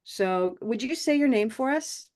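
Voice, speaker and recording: A woman teaching English pronunciation in a class, encouraging and modeling sounds slowly and repeating them. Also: a little high, expressive, a little mellow. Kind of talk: online class instruction.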